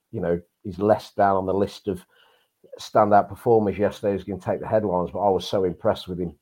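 A man's voice: low-pitched, darkish tone, poor audio. An English man co-hosting a football podcast, chatty and full of fillers. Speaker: podcast co-host. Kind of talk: casual football chat.

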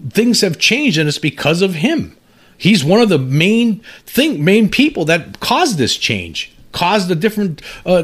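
Halting, animated man in his fifties. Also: sits high. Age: 50s. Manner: halting, many restarts, rising when indignant. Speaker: UFO commentary channel host. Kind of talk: casual commentary reading an article aloud.

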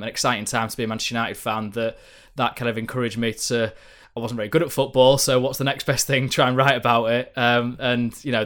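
A man's voice: mid-range voice, fairly bright tone. A man, a football journalist, telling an anecdote in casual podcast chat, rambling with fillers and restarts.

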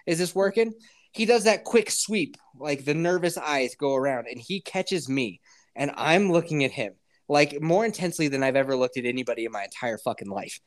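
Animated, profane man telling stories. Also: mid-range voice, brisk. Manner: profane, animated, laughs often. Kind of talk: casual storytelling chat.

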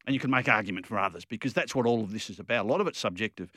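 A man's voice: fairly low pitch, animated, racing, pushed and bright, husky, no room sound, studio quality. An Australian man co-hosting a football radio show, talking in an opinionated, rambling way with frequent restarts. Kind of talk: casual radio chat.

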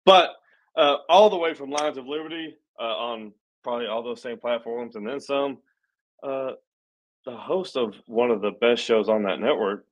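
A man's voice: mid-range voice, normal speed. A man hosting a casual podcast in loose, rambling talk. He swears freely, trips over his words and laughs at his own mistakes. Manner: rambling, swears, self-mocking with restarts. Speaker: podcast host.

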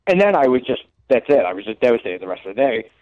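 A man co-hosting a podcast, telling stories in an excitable, profane casual chat. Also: mid-range voice, fast talker. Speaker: co-host. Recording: dull lo-fi sound.

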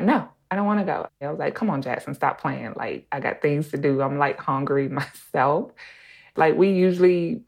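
Low-voiced mother telling a lively story. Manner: animated, acts out quotes, laughs between phrases. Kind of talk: personal story told casually.

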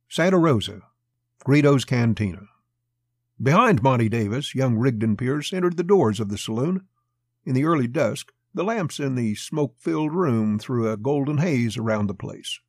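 A man narrating a western story as an audiobook, in a steady, measured telling. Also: medium pitch, breathy edge, no room sound, studio quality.

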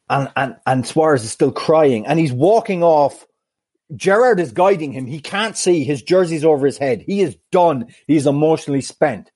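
A man in his mid-thirties co-hosting a podcast, telling an anecdote in a lively way and acting out other voices. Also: fairly high pitch, normal speed, slightly rough. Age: mid-30s. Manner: animated storyteller who acts out other voices. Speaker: podcast co-host. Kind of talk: casual chat, anecdote.

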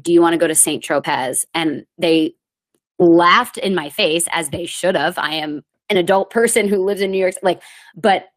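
A thirty-year-old woman and comedian hosting her podcast, chatting casually with a rambling, self-mocking manner and sudden animated bursts. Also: low-pitched. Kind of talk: casual solo chat. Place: lives in New York.

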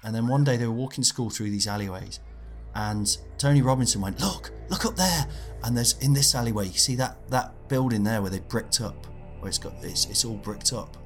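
A man telling a comic story in a meandering, deadpan way, stopping to add details he forgot. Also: fairly low pitch, a little fast, faint music behind. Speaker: comedian guest.

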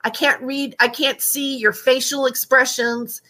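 This young woman's voice is high and bright, with a steady, forceful tone and a measured pace. She's a YouTube livestreamer on an audio-only stream with no face shown, upset and near tears as she rants at her chat, greets viewers, rambles, and repeats herself.

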